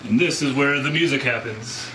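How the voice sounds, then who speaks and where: A man who plays bass and engineers his band's sound, giving an easygoing tour of his home studio and rehearsal space. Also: normal speed, sharp tone, a little hiss or hum, poor audio. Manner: easygoing, explanatory.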